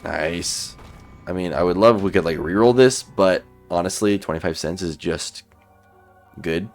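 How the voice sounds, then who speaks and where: A man casually commenting while playing a video game, thinking aloud about his choices in a relaxed, sleepy way. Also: sits low, normal speed, soft background music. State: sleepy, yawning. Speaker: gaming YouTuber. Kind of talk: let's play commentary.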